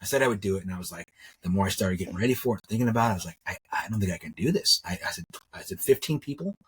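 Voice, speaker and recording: A middle-aged jewelry maker races through his story as an interview guest, in a low voice that's a bit bright. The metalsmith rambles casually, repeating words and acting out others' remarks. A little hiss or hum is audible.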